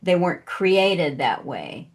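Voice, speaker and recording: A woman with a low-pitched voice talks through her thoughts on a book in a relaxed discussion. She circles back and restarts as she works out her ideas. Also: slow pace. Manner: thinks aloud with restarts and trailing phrases. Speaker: podcast co-host.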